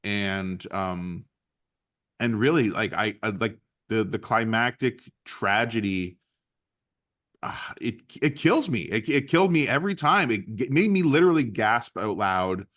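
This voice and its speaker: A man's voice: lowish voice, lively intonation, unhurried, a bit bright. Rambling enthusiastic male film podcaster. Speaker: podcast co-host. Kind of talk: casual movie discussion.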